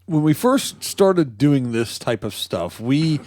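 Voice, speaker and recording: A man's voice: mid-range voice, big pitch swings, slow pace, a little mellow, no echo. A man co-hosting a comedy news podcast, reading stories and cracking jokes in casual chat. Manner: jokey, reads news stories with asides. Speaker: podcast co-host.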